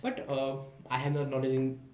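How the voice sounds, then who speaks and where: A man records himself practicing English in front of a camera, stopping often to search for words and restarting his sentences. English is not his first language. His voice sits at an ordinary middle pitch, and the room around him echoes noticeably. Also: monotone, normal speed, darkish tone, dull audio. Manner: hesitant, many fillers and restarts while searching for words. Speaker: vlogger practicing spoken English. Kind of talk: self-recorded practice monologue.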